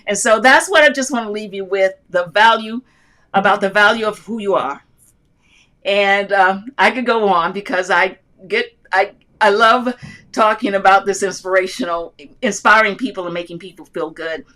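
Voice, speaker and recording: A woman's voice: mid-range voice, normal speed, pushed and bright. An older woman hosting a casual live chat about loom knitting, speaking in a heartfelt, rambling, inspirational way from an airport and reading viewer comments aloud. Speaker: livestream host answering loom knitting questions.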